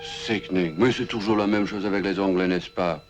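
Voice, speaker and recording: A man with a French accent playing a formal, deliberate police officer in a drama. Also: deep voice, steady tone, over music. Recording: dull lo-fi sound.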